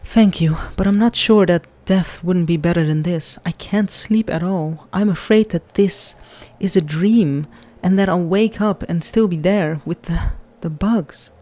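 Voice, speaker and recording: A woman's voice: lowish voice, unhurried, hardly any pauses, dark tone. A woman reading as a haunted young woman. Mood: frightened. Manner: fearful, pleading.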